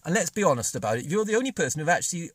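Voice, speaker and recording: A man's voice: a little high, sing-song, very fast, a bit bright, no room sound. Jokey, rambling man around 60. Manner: jokey, digressive, wry. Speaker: vlogger. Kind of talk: rambling storytelling monologue.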